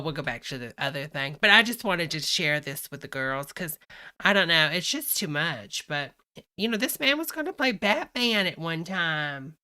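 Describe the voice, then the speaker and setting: A woman's voice: low-pitched, pushed and bright. A woman hosting a reaction video, talking in a gossipy, chatty way and exclaiming over the news. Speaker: host.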